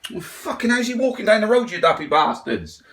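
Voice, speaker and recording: A man's voice: high voice, sing-song, brisk, a bit bright. Sweary, blunt man ranting. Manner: blunt, sweary, mocking mimicry of others. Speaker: ranting vlogger. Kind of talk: profane rant.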